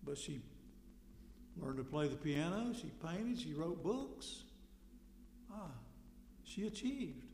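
A man preaching a sermon in a conversational way, asking rhetorical questions and suddenly getting loud for emphasis. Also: a little high, expressive, takes it slowly, pauses often, slight background noise. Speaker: pastor. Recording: echoey hall with long reverb.

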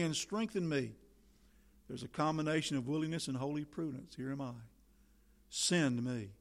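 A man's voice: a little high, normal speed, vocal fry, long pauses. A man preaching a sermon in solemn, old-fashioned biblical language, building to fervent appeals. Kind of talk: sermon reading.

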